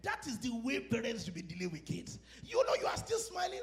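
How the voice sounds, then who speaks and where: Animated high-voiced pastor preaching. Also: male voice, quick pace, hardly any pauses. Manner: animated, acts out quoted exchanges and laughs at his own stories. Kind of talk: sermon.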